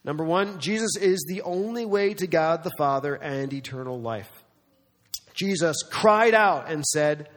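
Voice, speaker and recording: A man's voice: fairly high pitch, animated, measured pace, fairly bright tone. A man preaching a sermon, emphatic, asking rhetorical questions and acting out the people he quotes. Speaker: pastor. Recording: long hall reverb.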